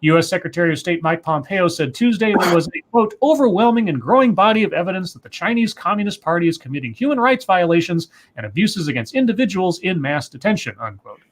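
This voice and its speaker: A man's voice: sits high, big pitch swings, quick pace, few pauses. A man co-hosting a livestream, reading news articles aloud and breaking in with asides and self-corrections. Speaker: co-host.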